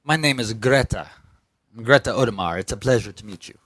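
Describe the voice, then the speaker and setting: A man's voice: on the low side, brisk, a bit bright, dry recording. A man voicing a blunt thirty-something landlady who curses her tenant with open scorn. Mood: polite. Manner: plainly spoken, cursing and scornful.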